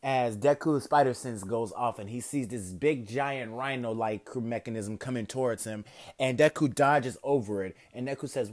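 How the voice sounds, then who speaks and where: A man's voice: medium pitch, moderate pace. Rambling male fan storyteller. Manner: rambling, casual, with self-corrections. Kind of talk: improvised fan story narration.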